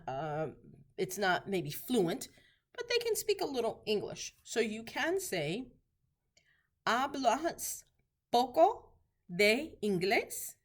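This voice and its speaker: A woman teaching basic Spanish phrases, repeating each one slowly for learners to practice. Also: on the high side. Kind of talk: slow instructional lesson.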